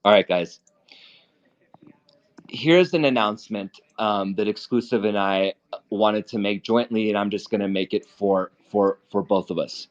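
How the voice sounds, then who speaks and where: A man's voice: fairly low pitch, unhurried. A man hosting a casual live trading talk, blunt and profane, who often repeats and restarts his words. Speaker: stock trading host. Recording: dull lo-fi audio.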